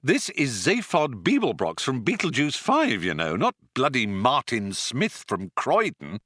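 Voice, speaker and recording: A man's voice: mid-range voice, wildly swooping pitch, slow pace, bright, forceful tone, dry recording, clean studio sound, full character voice. A man doing a drawling, would-be-cool traveller. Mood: exasperated. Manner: drawling, trying to sound cool. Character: cool, laid-back male galactic traveller. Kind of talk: audiobook reading.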